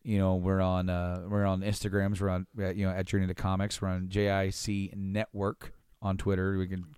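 A man's voice: deep voice, completely flat delivery, normal speed, darkish tone, clean tone, no room sound, clean studio sound. A man co-hosting a podcast, rattling off plugs in a rambling way full of fillers. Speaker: podcast co-host. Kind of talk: casual podcast chat.

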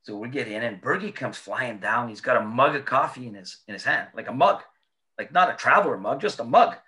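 A man with a bright, forceful voice spins casual stories as an interview guest. He is animated and laughs often as he talks. His pitch sits in an everyday middle range. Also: fairly quick. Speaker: interview guest, former player. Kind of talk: casual storytelling.

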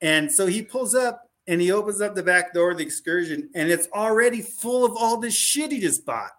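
A man guesting on a podcast, spinning loose, animated stories and acting out what people said. His voice sits a little high for a man, and he talks in a relaxed, rambling way. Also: brisk. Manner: rambling, animated anecdotes full of "like" and quoted dialogue. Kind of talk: casual storytelling chat.

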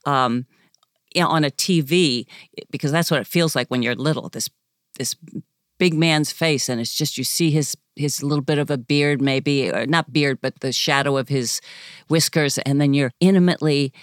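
A man with a fairly high voice reminisces softly, with laughter running through his words. The recording is dry and close. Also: normal speed, no echo. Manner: reflective, soft-spoken, often laughs while talking. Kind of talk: casual chat.

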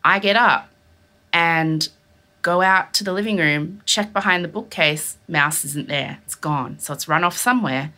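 A young woman hosting a casual chat, telling a story in an animated way and acting out what others said. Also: fairly low pitch, a little slow. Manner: animated storytelling, acts out quotes. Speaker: podcast co-host.

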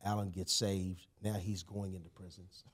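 A man whose voice sits low speaks at a moderate pace while telling a personal story as a podcast guest. The conversation is casual; he's emphatic and animated, often saying "you know" and "man."

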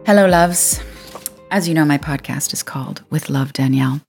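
A woman's voice: deep voice, normal speed, a little mellow, faint music behind. A woman hosting a spiritual podcast, talking in an earnest, playful way and drawing out key words. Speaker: podcast host. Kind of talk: reflective spiritual podcast talk.

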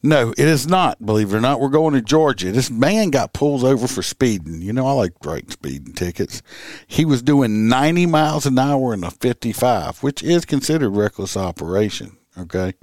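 A man's voice: medium pitch, expressive, moderate pace, darkish tone, no echo, clean studio sound. A man co-hosting a casual podcast, a police officer telling stories in a folksy, profane way with many fillers.

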